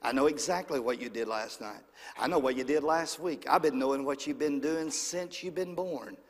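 A man preaching who voices God speaking softly and lovingly to a listener. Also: mid-range voice, normal speed, long reverb tail, pitched below the performer's own voice, lightly acted. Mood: tender. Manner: hushed and intimate.

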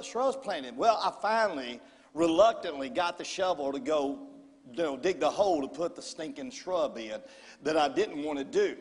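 A man preaches from a church stage. His voice sits high for a man, and he tells folksy, animated stories. A long hall reverb rings behind him. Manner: folksy, animated storyteller with y'all. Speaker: pastor. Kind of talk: church sermon storytelling. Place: large church sanctuary.

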